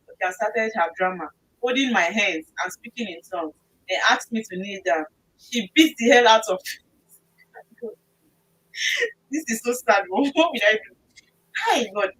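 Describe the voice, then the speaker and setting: Bright-voiced woman co-host. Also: mid-range voice, a little slow, long pauses, breathy edge, low-quality recording. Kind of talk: talk-show commentary.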